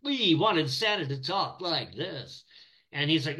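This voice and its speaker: A middle-aged man with a fairly high, bright voice tells stories in a casual interview. His pitch swings widely, and he rambles, trips over his words and restarts as he goes. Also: a little slow, poor audio. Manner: rambling, animated storyteller with many restarts. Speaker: animator guest.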